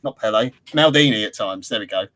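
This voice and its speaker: A man on a fan podcast giving blunt, animated football opinions with casual swearing. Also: lowish voice, fairly quick. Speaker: podcast co-host.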